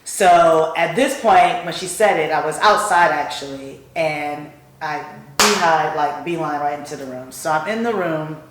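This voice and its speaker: Animated woman telling her story, acts out voices, kinda low, heavy echo. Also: unhurried, slight background noise. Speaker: guest speaker. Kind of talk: personal storytelling in conversation. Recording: very echoey room.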